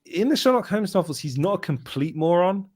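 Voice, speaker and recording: A man's voice: high-pitched, expressive, brisk, a little mellow, dry recording. Chatty guy, very dry sound. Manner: rambling, self-correcting storyteller with laughs. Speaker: podcast host. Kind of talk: casual chat.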